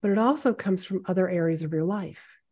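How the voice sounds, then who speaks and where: A woman's voice: fairly low pitch, brisk, dark tone. A woman hosting a solo podcast as a speaking coach, talking in an encouraging, conversational way straight to the listener from her home office. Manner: encouraging, conversational, direct address. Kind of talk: solo podcast pep talk. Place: home office with high ceilings and hardwood floors.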